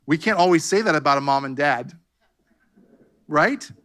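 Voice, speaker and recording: A man's voice: fairly high pitch, expressive, normal speed, fairly bright tone. A man pastor preaching a fervent sermon, calling out "come on" and "amen" to his congregation. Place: church sanctuary.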